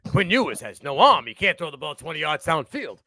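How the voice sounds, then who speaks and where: A male co-host giving animated, profane takes on a sports talk livestream. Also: a little high, brisk, no echo.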